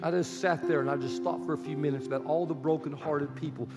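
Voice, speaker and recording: A man's voice: fairly high pitch, fairly even intonation, fast talker. Pastor in his sixties preaching over guitar. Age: 60s. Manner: swings from loud urgent pleading to soft hushed prayer. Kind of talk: sermon. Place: church sanctuary. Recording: long hall reverb with guitar music behind. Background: soft guitar music.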